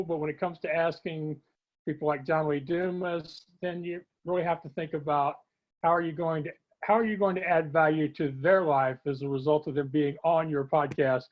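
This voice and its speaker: A man hosting a podcast, chatting casually and making friendly jokes. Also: on the high side. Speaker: podcast host. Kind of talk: casual interview chat. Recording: dull lo-fi remote audio.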